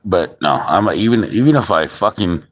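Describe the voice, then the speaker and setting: A man's voice: low-pitched, animated, brisk. A man who is a father, ranting angrily in a heavily profane monologue, often restarting his sentences. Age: adult father. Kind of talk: angry venting monologue.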